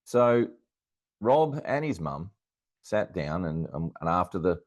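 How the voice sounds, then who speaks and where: A middle-aged Australian man, interviewed as an astrologer guest, tells a personal story in a lively, anecdotal way full of fillers and restarts. His deep voice moves slowly. There is no room sound, and the highs are cut off.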